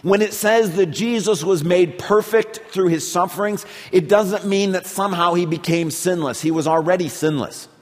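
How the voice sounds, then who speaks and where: A man preaching a sermon as a pastor, moving between fervent emphasis and a soft, hushed delivery. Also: high-pitched, normal speed, hardly any pauses. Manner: preaches with rising intensity, then drops to a soft, hushed tone. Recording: long hall reverb.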